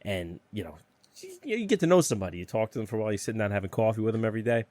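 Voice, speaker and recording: A man's voice: fairly low pitch, expressive, very fast, darkish tone, no room sound. Brief: union-electrician man hosting a podcast, loose and profane, dry sound. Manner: profane, laughing storyteller. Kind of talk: casual chat.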